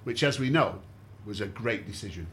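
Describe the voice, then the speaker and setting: A man hosting a podcast, walking listeners through events in a steady, explanatory casual chat. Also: lowish voice, normal speed, slight background noise. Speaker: podcast host.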